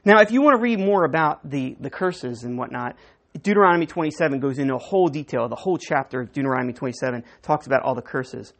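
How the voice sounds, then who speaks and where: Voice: medium pitch, fast talker. Preacher teaching scripture, voice bounces up and down a lot, acts out the lines. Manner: animated Bible teaching, acting out quoted dialogue. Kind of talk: sermon.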